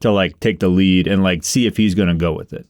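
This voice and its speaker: A man's voice: sits low, steady tone, brisk, a little mellow, no echo, studio quality. A man describing his character's thoughts casually at a tabletop game. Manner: casual, swearing. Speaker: player.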